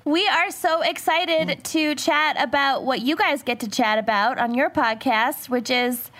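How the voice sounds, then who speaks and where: A woman co-host with a high voice, speaking at an unhurried pace. She introduces the show and guests, teasing and laughing along in casual chat. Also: fairly bright tone. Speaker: podcast co-host.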